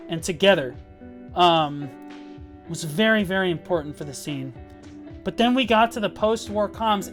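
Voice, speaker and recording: A gaming guild leader tells a story on a live stream in a heated, swearing rant. The voice sits at an ordinary middle pitch and the words tumble out full of "like" and "um". Faint guitar music plays quietly behind. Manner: profane, heated and emphatic, with frequent "like" and "um".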